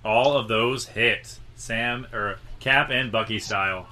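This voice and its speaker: A man running a tabletop game as game master, giving quick, encouraging rulings. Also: fairly low pitch, pushed and bright.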